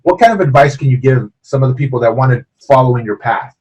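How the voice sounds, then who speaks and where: A man's voice: mid-range voice, animated, quick pace, darkish tone, slightly rough, poor audio. A man hosting a show, interviewing a guest in a casual, enthusiastic way and calling him brother.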